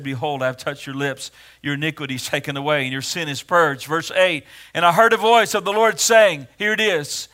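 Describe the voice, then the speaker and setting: Casting note: male preacher, high bright tenor, earnest sermon delivery. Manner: earnest, rising to emphatic when reading scripture aloud.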